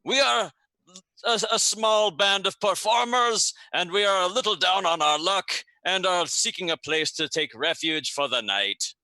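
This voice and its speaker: A flustered, flowery traveling performer played by a man in a poor Garundi accent. He pitches his voice well above his usual. It sounds bright and sits close to a dry mic. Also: measured pace, gravelly, dry recording, heavily acted. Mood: pleading. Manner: overly polite, flowery, flustered. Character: showman posing as traveling performer Jestil, Reikland.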